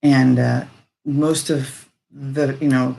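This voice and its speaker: A woman speaking casually and reflectively on personal growth, animated and rambling, full of fillers. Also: extremely low pitch, slow pace, vocal fry.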